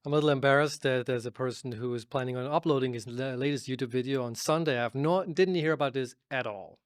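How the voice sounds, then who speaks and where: A man co-hosting a casual tech podcast, telling animated stories full of quoted asides. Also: medium pitch, quick pace, clean tone, dry recording, clean studio sound. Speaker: podcast co-host. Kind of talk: casual chat.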